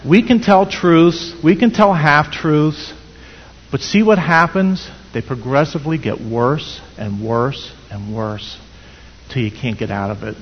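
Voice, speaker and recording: A man's voice: a little high, a little slow, a little hiss or hum. A man preaching a sermon in an earnest, storytelling manner with many rhetorical questions. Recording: dull sound in echoey hall.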